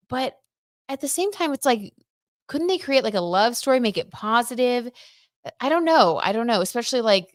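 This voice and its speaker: Reading viewer comments aloud during a relaxed tarot livestream, this chatty host peppers her speech with "like" and "I don't know." Her voice is mid-range, captured in a dry, studio-quality recording.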